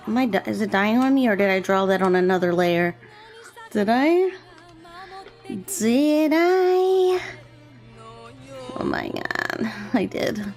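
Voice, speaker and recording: A young woman streaming as a VTuber, chatting casually and rambling while she draws, keeping her voice deliberately low and soft. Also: creaky. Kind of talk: relaxed casual chat while drawing on stream. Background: faint gentle background music.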